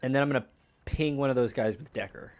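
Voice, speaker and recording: A man's voice: medium pitch, quick pace. A man casually chatting while streaming a strategy game, laughing often and swearing in passing. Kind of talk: casual gaming stream chat.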